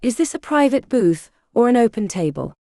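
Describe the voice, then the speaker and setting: A woman's voice: fairly high pitch, very animated, moderate pace, vocal fry, warm tone, dry recording, studio quality. A woman voicing a cool, ruthless young female mage in an audiobook, curt and commanding.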